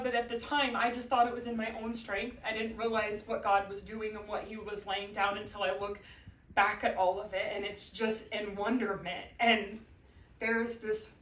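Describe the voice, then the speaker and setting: A middle-aged woman with a high voice gives a heartfelt testimony. She is earnest and sometimes teary, with nervous laughs between phrases. She is recorded from a distance in an echoey church. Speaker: church member giving a testimony. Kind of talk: emotional personal testimony.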